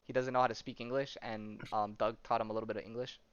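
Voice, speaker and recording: A man's voice: fairly low pitch, little pitch movement, fast talker, dull audio, noisy background. A man hosting a podcast, rambling through a comic story in casual chat and acting out the characters' lines with lots of fillers. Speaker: podcast host.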